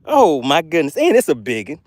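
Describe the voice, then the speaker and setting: A breathless man hosting a live fishing stream outdoors, excitedly repeating catchphrases and calling out to his chat. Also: on the high side, brisk, no echo. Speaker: fishing channel host. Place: outdoors by the water.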